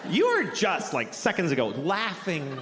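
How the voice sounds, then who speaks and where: On a theater stage, a man does stand-up for a laughing crowd, ranting in an exaggerated, blunt and profane way with a loose, conversational feel. His fairly bright voice sits high with huge pitch swings, and his pace is measured. The sound is reverberant, with audience noise throughout.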